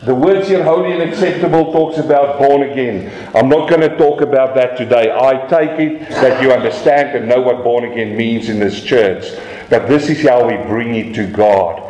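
A man's voice: mid-range voice, moderate pace, warm tone, roomy sound, poor audio. A man preaching a sermon in a church, emphatic, asking rhetorical questions and acting out voices. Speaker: pastor.

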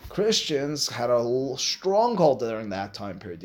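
Male Torah teacher, mid-pitched, lively and emphatic classroom lecturer. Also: a little slow, few pauses. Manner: animated, emphatic, rhetorical questions.

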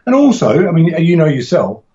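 A man's voice: on the high side, huge pitch swings, fairly quick, warm tone, highs cut off, slight background noise. A middle-aged man, a martial arts instructor and author, telling stories in a podcast interview with enthusiasm and frequent restarts.

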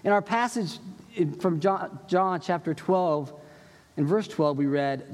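Male pastor, chatty teaching sermon, higher voice, echo of a big church hall. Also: measured pace, darkish tone. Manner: conversational, explanatory preaching with quoted voices. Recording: long hall reverb.

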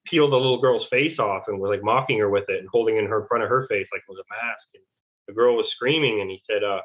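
A man's voice: on the low side, fast. A man speaking as a guest over the phone, rambling and full of fillers, often retelling conversations. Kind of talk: rambling phone interview storytelling. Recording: tinny phone line.

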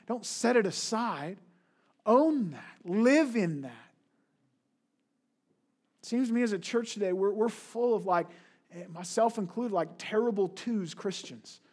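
A middle-aged man preaching a sermon with a fairly high voice. He is earnest and keeps asking his listeners rhetorical questions. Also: darkish tone, breathy edge. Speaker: pastor.

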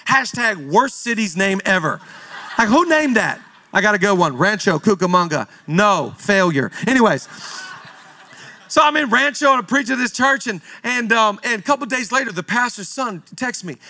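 A man's voice: very high voice, sharp tone. A man in his thirties from Seattle, preaching a sermon to a live church congregation, with playful storytelling and jokes. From Seattle, Washington. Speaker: pastor.

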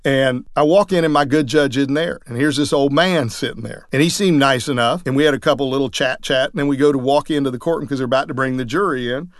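A man, a trial lawyer, telling courtroom stories in a lively way, acting out what others said. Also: medium pitch, fast, hardly any pauses, no room sound, studio quality. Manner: lively, acts out quoted voices. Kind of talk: anecdotal storytelling talk.

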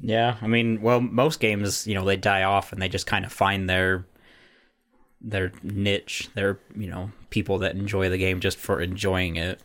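A man's voice: low-pitched, level tone, a little slow, a bit bright. A young man co-hosting a podcast, chatting casually and rambling with lots of restarts and fillers. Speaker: podcast co-host. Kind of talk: casual chat.

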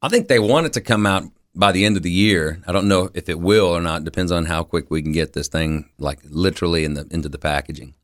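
Radio guest: man, 30s, low voice, easygoing storyteller, lots of ums and laughs. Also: fast, few pauses, fairly bright tone. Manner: laid-back storytelling, laughs often, many fillers. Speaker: country singer guest. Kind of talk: radio interview.

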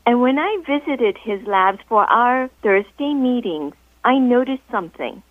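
A woman with a somewhat high voice calls in to a radio interview and tells her story as a guest author. She explains at a measured, deliberate pace. The sound is thin and phone-like, with no room echo at all. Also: expressive. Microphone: telephone. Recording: tinny phone line, dry.

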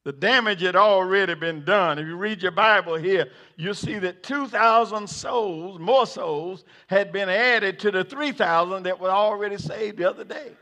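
A man preaching a sermon. He repeats words and builds up to shouting. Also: high-pitched, normal speed, few pauses. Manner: builds to shouting, acts out the figures in the story.

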